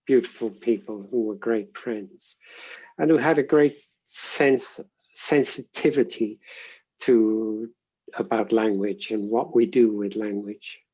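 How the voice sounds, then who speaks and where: A man, a linguistics professor, giving measured, reflective answers in an interview and often pausing to rephrase. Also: fairly low pitch, warm tone, husky, dull audio.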